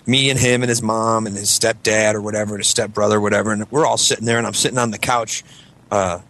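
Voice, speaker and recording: A man's voice: on the low side, steady tone, fast, fairly bright tone. A man in casual chat, telling a rambling ghost story with many fillers.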